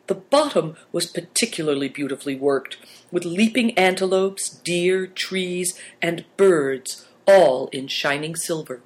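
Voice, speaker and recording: Man narrating a storybook, slightly high voice. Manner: measured, storytelling. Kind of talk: audiobook narration.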